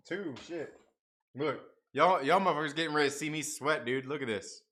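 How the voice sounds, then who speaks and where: A man hosts a casual late-night stream and talks straight to his chat. His voice sits a little high and bright. He swears freely and laughs often. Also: quick pace, slight background noise. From half Mexican family. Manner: profane, laughing, talks to chat while eating. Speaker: live stream host.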